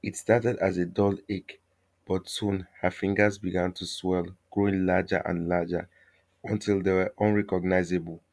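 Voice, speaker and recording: In a voice pitched very deep and low, a male storyteller reads a folktale with even, measured pacing, telling it as calmly as a fireside narrator would.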